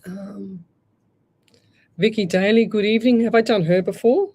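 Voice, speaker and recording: Australian woman, radio psychic host, chatty and rambling, middle pitch. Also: normal speed. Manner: chatty, rambling, warm asides like "lovey". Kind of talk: casual live-show readings.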